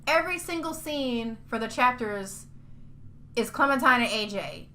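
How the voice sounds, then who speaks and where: A woman's voice: fairly high pitch, animated, unhurried, pushed and bright. A woman hosting a casual podcast, talking in a heated, profane rant and repeating her points for emphasis. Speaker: podcast host.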